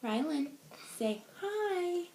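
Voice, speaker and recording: Young mother coaxing a baby to speak, high, lilting baby talk. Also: very animated, very slow, creaky. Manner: soft, sing-song baby talk.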